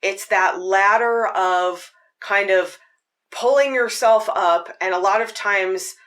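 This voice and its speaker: A woman's voice: medium pitch, slow, a bit bright. A woman hosting a podcast, talking earnestly and at length about her spiritual path, with a lot of "like" in her speech. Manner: earnest, rambling, with filler "like". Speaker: podcast host. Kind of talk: reflective spiritual monologue.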